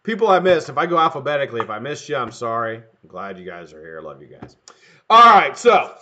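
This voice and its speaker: A man's voice: mid-range voice, brisk, a little hiss or hum. A man hosting a live stream, chatting casually and greeting viewers by name, cursing freely and laughing often. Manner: profane, excitable, laughing often, shouting names to greet viewers. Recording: dull lo-fi webcam audio.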